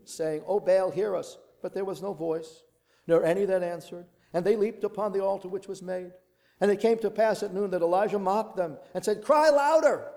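A man's voice: sits high, mellow. A man preaching a sermon, reading a long scripture passage with dramatic delivery, voicing the quoted speakers and adding his own asides.

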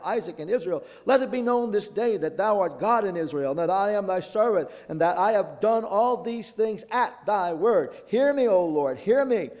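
A man's voice: high-pitched, darkish tone. A man preaching a sermon, reading a long scripture passage with dramatic delivery, voicing the quoted speakers and adding his own asides.

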